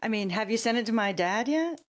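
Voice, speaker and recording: A woman's voice: on the high side, animated, fairly quick. A woman co-hosting a podcast in casual chat, teasing her friend and pressing her with probing questions. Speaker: podcast co-host.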